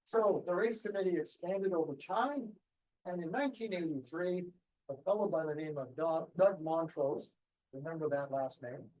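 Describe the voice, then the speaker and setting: A man tells a club its history in a loose, anecdotal way, full of ums and restarts. His voice sits a little high for a man. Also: darkish tone, rough recording. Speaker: guest speaker. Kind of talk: club presentation talk.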